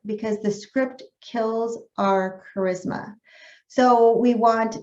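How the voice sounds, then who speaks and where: A woman's voice: a little high, a little mellow. A woman coach teaching a live webinar, upbeat and encouraging, asking her audience questions over a video call. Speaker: health coach trainer. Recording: echoey room, dull lo-fi sound.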